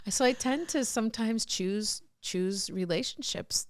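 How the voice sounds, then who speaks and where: A woman's voice: mid-range voice, lively intonation, normal speed, gravelly, hardly any pauses, dry recording, clean studio sound. A middle-aged woman telling candid personal stories as a podcast guest, rambling with restarts and laughs.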